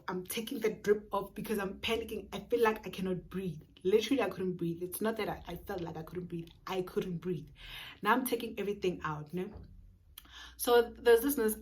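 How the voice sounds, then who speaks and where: A woman with a South African accent telling a personal story for her storytime vlog, earnest and full of emphatic repetition. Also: mid-range voice. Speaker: vlogger.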